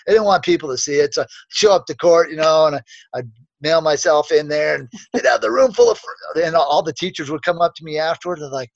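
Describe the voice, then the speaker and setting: A man's voice: fairly high pitch, a little fast, creaky, no room sound. Self-assured, rambling man, lo-fi sound. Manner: rambling, self-assured, many restarts and asides. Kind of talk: casual storytelling in a conversation. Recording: dull, dry, lo-fi sound.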